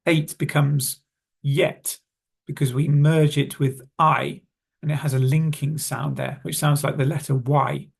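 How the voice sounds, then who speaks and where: A British man teaching English pronunciation, calmly explaining and saying example phrases slowly and clearly. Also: fairly high pitch. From Britain. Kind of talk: online lesson, reading notes and modelling phrases.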